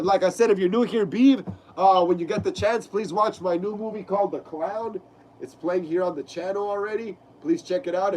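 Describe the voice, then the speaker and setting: A man's voice: sits high, slight background noise. A young man with a stuffy nose from a cold, hosting a casual live stream from home, reading chat aloud and saying bro a lot. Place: home room.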